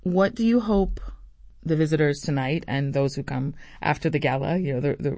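Interviewer, news style, gravelly voice, probing questions with small restarts. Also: mid-range voice, moderate pace, darkish tone, no echo, clean studio sound.

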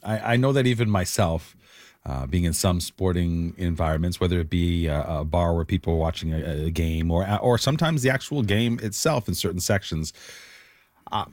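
A man hosting an interview, asking questions in a thoughtful, halting way with frequent restarts. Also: low-pitched, a little mellow, no echo, studio quality. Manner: hesitant, many restarts and fillers. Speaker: interview host. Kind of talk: conversational interview.

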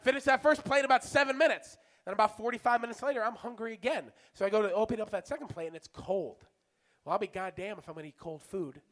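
A man telling a stand-up story in an animated, exasperated way. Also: high voice, fast talker. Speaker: stand-up comedian.

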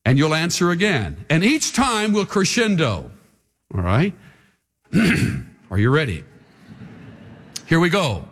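A man's voice: a little high, wildly swooping pitch, slow, long pauses, noisy background. A man preaching a sermon to a live congregation in a church, dramatic and rousing, leading them in call-and-response. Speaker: pastor.

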